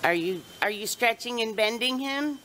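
A woman's voice: a little high, expressive, normal speed. A middle-aged woman filming at a horse barn and chatting casually with her family, laughing often. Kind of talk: casual chat while filming. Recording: clear outdoor barn noise behind.

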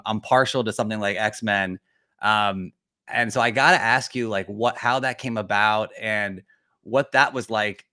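Male interviewer, low and sharp-toned, excited, restarts his sentences a lot. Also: clear, resonant tone. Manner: enthusiastic, stammering restarts. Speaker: podcast host. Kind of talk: casual interview.

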